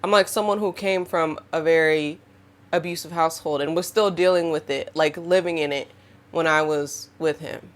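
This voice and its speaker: A young woman in her twenties, hosting her own podcast, talks straight to her audience in a casual, expressive way and acts out what people said to her. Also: low-pitched, moderate pace. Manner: expressive, animated, acts out quotes. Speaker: podcast host. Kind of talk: casual monologue to camera.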